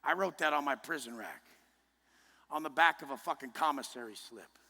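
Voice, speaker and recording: A man giving a motivational speech to a live group. He talks in a blunt, intense, heavily profane way and often pushes up to a shout. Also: fairly high pitch, moderate pace, vocal fry. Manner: forceful, often rising to a shout. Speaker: motivational speaker. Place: large indoor event room. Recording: live hall speech with long reverb.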